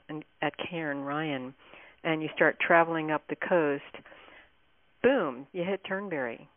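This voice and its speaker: A woman's voice: low-pitched, no room sound. A woman guest on a radio interview, telling stories about her book in a chatty, meandering way. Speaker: author and guest. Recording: tinny phone line.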